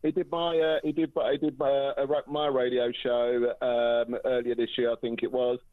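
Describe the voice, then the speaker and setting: A man's voice: mid-range voice, little pitch movement, moderate pace, no echo. A man phoning in to a talk show, speaking fondly and reflectively. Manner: fond, reflective. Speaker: caller, former show staff. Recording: phone line.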